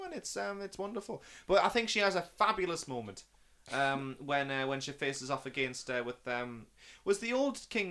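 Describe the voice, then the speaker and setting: A man with a medium-pitched, fairly bright voice is a guest on a film review podcast, seeing the movie for the first time. In casual chat, he rambles and gushes enthusiastically about it.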